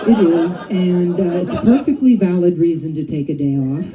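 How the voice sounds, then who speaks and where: A woman's voice: on the low side, moderate pace, highs cut off, crowd noise. Middle-aged woman doing profane stand-up. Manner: chatty, profane, with frequent "you know" and "right?". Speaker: stand-up comedian, first-time performer. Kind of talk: stand-up comedy set. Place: comedy club stage. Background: audience laughing and cheering.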